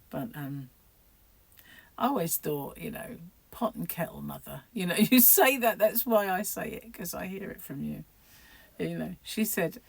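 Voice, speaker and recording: Chatty woman, low voice. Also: gravelly, dry recording. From United Kingdom. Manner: rambling, chatty, laughs often. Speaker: crochet vlogger. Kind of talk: casual chat to camera.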